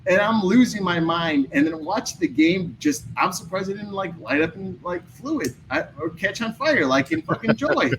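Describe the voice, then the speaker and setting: A man chatting casually as a podcast guest, venting his frustration in an excitable, ranting way. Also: high-pitched, normal speed, few pauses, a little hiss or hum, poor audio. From Chicago area. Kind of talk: casual chat.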